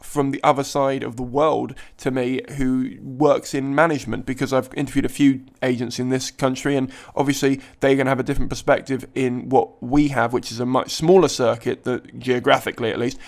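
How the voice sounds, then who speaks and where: A man's voice: medium pitch, little pitch movement, brisk, hardly any pauses. A man hosting a comedy industry podcast, giving a friendly, upbeat intro. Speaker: podcast host.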